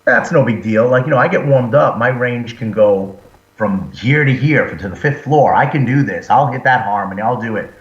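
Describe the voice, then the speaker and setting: A man's voice: medium pitch, moderate pace. A man who sings and fronts a metal band, chatting in an interview and telling stories with acted-out quotes. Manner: animated storyteller, acts out quotes. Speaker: band singer and frontman, guest. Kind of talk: casual interview chat. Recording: roomy, dull lo-fi sound.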